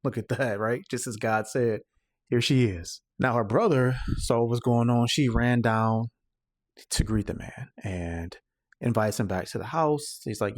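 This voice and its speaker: Male host, casual scripture recap in street slang, mid-pitched voice, dry close sound. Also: unhurried, darkish tone, dry recording. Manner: retells scripture in slangy paraphrase; conversational, checks in with "right?". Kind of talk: casual Bible reading recap.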